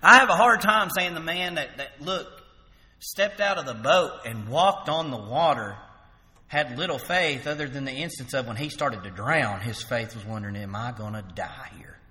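A man's voice: a little high, normal speed. Preaching man in an echoing hall. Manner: animated preaching, rising loud for emphasis and dropping soft for quoted words. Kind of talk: evening sermon.

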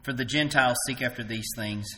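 A man preaching an evening sermon, rising loud for emphasis and dropping soft to voice quoted words. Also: medium pitch, fast, in a large hall.

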